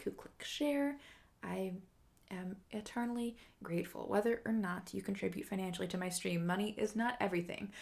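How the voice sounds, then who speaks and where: A woman hosting her own livestream concert, closing it out casually and quickly, rambling and thanking her viewers again and again. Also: mid-range voice, vocal fry, darkish tone. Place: home streaming setup.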